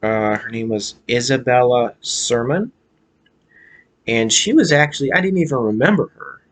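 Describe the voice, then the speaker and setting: An American man vlogs casually about a movie, hesitant and full of fillers and restarts. His voice is medium-pitched and a bit bright, at normal speed.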